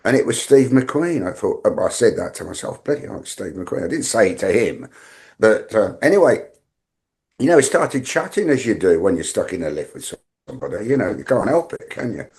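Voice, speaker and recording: A man's voice: fairly low pitch, sing-song, moderate pace, darkish tone. An older man with an English accent, a guest in an interview, telling rambling anecdotes full of fillers and restarts. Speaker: guest, veteran tour manager.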